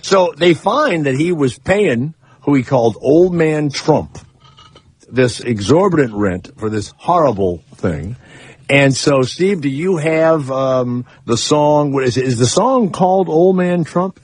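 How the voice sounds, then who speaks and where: Husky, lively male radio host. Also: on the high side, unhurried, no echo. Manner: loose, rambling and crude, with trailing fillers and restarts. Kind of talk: casual on-air banter.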